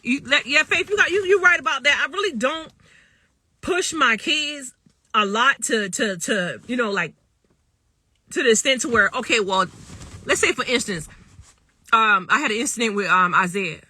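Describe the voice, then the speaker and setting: A woman's voice: on the high side, lively intonation, moderate pace, pauses often, bright, forceful tone, no echo. A woman in her thirties talking casually to viewers on a phone livestream, emphatic and repetitive, often checking in with her listeners. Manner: emphatic and repetitive, often asks "you know what I'm saying".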